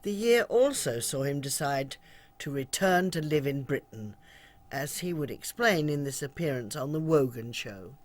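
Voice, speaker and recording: Documentary narrator, slightly high male voice. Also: expressive. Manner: measured, informative.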